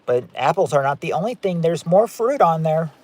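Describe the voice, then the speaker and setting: A man's voice: a little high, lively intonation, normal speed, a little mellow. A man hosting a live-stream game night, chatting as he reads out viewer guesses and rules on each one. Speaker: game show host.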